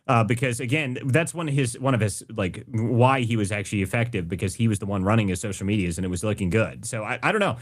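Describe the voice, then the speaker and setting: A man's voice: fairly low pitch, quick pace, hardly any pauses. A man hosting a live political audio chat, blunt and mocking, swearing freely about politicians. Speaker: host.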